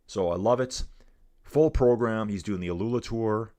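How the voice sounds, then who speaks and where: A middle-aged man giving casual live commentary on a bike race, chatty and energetic, calling his viewers dudes and guys. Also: on the low side, normal speed.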